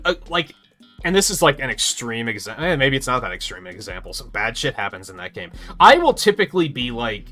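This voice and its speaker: Male streamer, bright sharp voice, profane animated game chat, faint music behind. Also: a little high. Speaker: livestream host. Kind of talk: casual chat while gaming.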